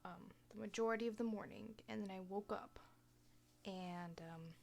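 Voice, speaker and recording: A young woman talking casually in a personal vlog, soft-spoken and often half-whispering, hesitant with lots of fillers. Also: mid-range voice, moderate pace, creaky. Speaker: vlogger.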